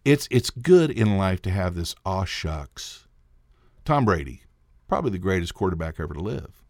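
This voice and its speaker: A man with a somewhat low voice hosts his own podcast, spinning a long personal story in a loose, rambling way. He stumbles and restarts often and breaks into chuckles. The sound is dry and close, with no room around it. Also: animated, fairly quick, dry recording. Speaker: podcast host. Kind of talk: casual solo podcast storytelling.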